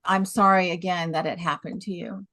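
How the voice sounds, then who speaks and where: A woman's voice: lowish voice, steady tone, moderate pace, a bit bright, dry recording, clean studio sound. A woman giving reassuring advice in a supportive conversation. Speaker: club member, author.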